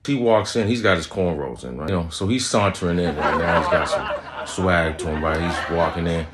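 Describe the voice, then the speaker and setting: Animated storytelling man, low voice. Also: fairly quick. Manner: animated, profane, frequent "right?" and "man". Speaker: comedian, show host. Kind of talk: comic storytelling. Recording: noisy recording.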